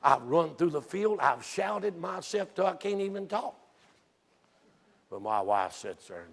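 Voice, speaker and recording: A man preaching a sermon in a church, telling folksy stories that rise into excited shouts. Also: fairly high pitch, a little slow, gravelly. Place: church sanctuary. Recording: long reverb from a church hall.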